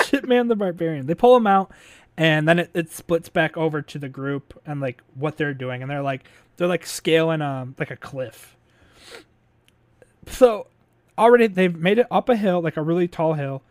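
Rambling man, slightly high, very dry sound. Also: normal speed, no echo. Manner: rambling, filler-heavy retelling with frequent laughs; swears casually. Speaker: podcast host recapping a movie. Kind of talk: casual chat.

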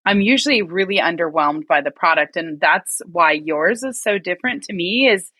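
Bright, effusive woman host. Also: on the low side, lively intonation, moderate pace, slightly rough, no room sound. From rural Oregon. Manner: enthusiastic, effusive, frequent laughs. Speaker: interview host. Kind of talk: conversational interview.

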